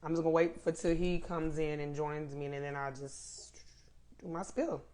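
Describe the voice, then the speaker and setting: A woman's voice: low-pitched, fairly even intonation, moderate pace, a little mellow. A woman hosting a casual live stream, greeting viewers by name and laughing often while she waits for her guest, speaking.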